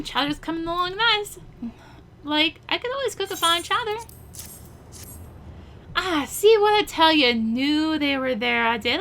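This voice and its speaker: A woman's voice: high-pitched, bright, forceful tone, pitched above the performer's own voice, exaggerated voice. A woman voicing a grumbling drunk male sailor in a slurred drunk accent.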